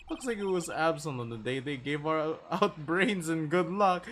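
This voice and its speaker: A man's voice: a little high, measured pace, a little hiss or hum. A man reading a game's dialogue aloud and joking while he plays. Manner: playful, animated, joking. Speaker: streamer playing a game. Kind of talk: casual gameplay commentary with read-aloud dialogue.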